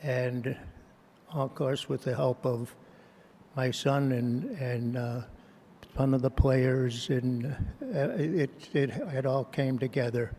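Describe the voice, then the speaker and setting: Hoarse older man, slow and halting. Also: mid-range voice, steady tone, mellow. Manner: halting, emotional, with many restarts. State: hoarse with laryngitis. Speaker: hall of fame inductee giving acceptance speech. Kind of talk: halting acceptance speech. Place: banquet hall. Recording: reverberant hall, faint room noise.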